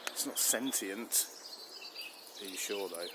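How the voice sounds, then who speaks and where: A man doing solo improvised comedy with mild, bemused, deadpan replies. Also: lowish voice, slow pace, noisy background.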